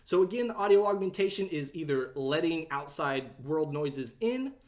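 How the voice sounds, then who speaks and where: A young man hosting a tech review vlog, telling a story time review quickly and quoting himself in a raised voice. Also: on the high side. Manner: animated, talks fast, quotes himself in a raised voice.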